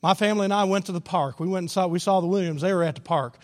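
A man preaching to his congregation in a sanctuary, pressing his points by repeating them. His voice sits high. A long reverb from the hall trails behind each line. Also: rapid-fire. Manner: emphatic preaching, repeats key phrases. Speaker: pastor. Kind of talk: sermon. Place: church sanctuary.

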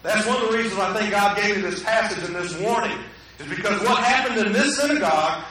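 A pastor preaching a sermon in a conversational way, often putting questions to the congregation, in a church sanctuary. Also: male voice, high-pitched, a little fast, pushed and bright. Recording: echoey hall, mic at a distance.

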